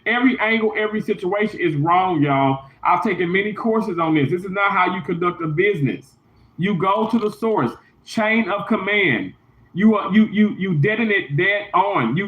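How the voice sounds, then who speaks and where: A man livestreaming from a hotel room, venting in an emphatic, repetitive, indignant way. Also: sits high. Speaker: YouTuber livestreaming. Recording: roomy, dull lo-fi sound.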